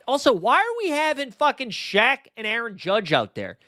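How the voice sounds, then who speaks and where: Lively rambling male stream host. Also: very high-pitched, normal speed, few pauses, no echo, studio quality. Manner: rambling, profane, goes off on tangents. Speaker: fantasy sports show host. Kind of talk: casual livestream chat.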